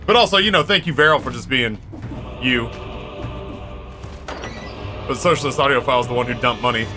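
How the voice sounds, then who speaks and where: A man's voice: medium pitch, expressive, brisk, music in the background. A man streaming a game and chatting casually, rambling and cracking crude jokes with his viewers. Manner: rambling, joking, crude banter with chat. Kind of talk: casual live-stream chat while gaming.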